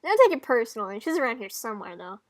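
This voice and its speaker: Woman playing an excitable snack-crazy schoolgirl, loud and breezy, high voice. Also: very fast. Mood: excited. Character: hyper snack-loving female student.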